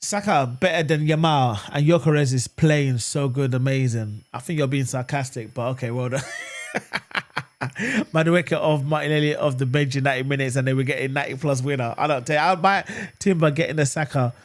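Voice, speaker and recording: This man speaks at medium pitch, fairly quickly and with few pauses, as he hosts a fan channel's live football watchalong. Animated throughout, he reads viewer comments and replies to them, swinging from easy conversation to furious yelling at the referee.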